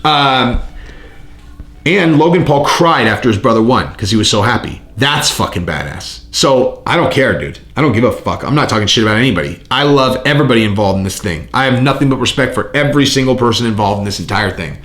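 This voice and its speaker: A man hosting his own channel, riffing casually and profanely on fight news in a rambling, excitable way. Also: medium pitch, a little fast, reverberant. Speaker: channel host. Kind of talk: casual fight commentary vlog.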